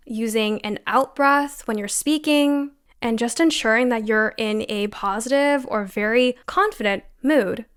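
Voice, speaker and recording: Bright-voiced young woman giving advice. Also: fairly high pitch. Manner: coaching, demonstrates voice techniques. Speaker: self-improvement vlogger. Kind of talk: scripted advice talk.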